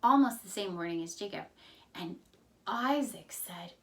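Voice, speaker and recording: A woman Sunday school teacher narrating a Bible story in an expressive, storytelling way. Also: medium pitch, measured pace, distant mic.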